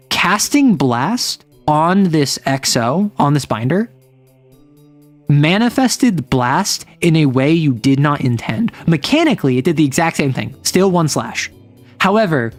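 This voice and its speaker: Rambling game master, casual recap, middle pitch. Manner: rambling, chatty, uses lots of "like".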